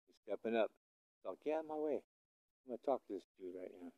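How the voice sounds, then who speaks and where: A man filming cattle outdoors on a hillside, coaxing and calling to the animals in a high sing-song voice, then talking casually to the camera. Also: lively intonation, fast, long pauses, no echo, muffled recording. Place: outdoors in a hilly pasture.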